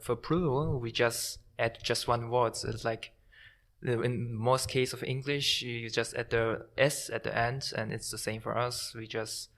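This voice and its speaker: A man whose first language is Korean, a nervous course participant speaking in a halting, hesitant way in a casual interview. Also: medium pitch, fairly even intonation, fairly bright tone.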